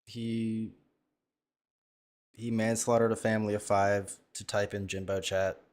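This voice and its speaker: A man joking in a deadpan way while live-streaming a social VR game. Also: on the low side, unhurried. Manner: deadpan, dark ironic humor.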